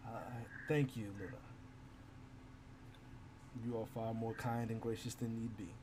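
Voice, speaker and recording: A man voicing a formal, guilt-ridden young male warrior who speaks in stiff, halting phrases. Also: on the low side, flat delivery, background noise, pitched below the performer's own voice, lightly acted. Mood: grateful.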